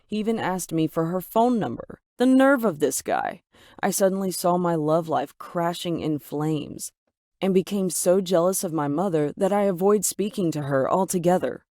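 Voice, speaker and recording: A woman's voice: on the low side, animated, normal speed, warm tone, no room sound, studio quality. A woman telling a first-person story in a dramatic, emphatic way. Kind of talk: scripted first-person narration.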